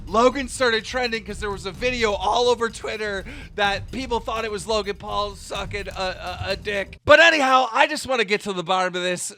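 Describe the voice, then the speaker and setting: A man's voice: high voice, bright, forceful tone, no room sound. A man hosting a gossip news show, reading out quotes with stretched emphasis and stammering through interview questions.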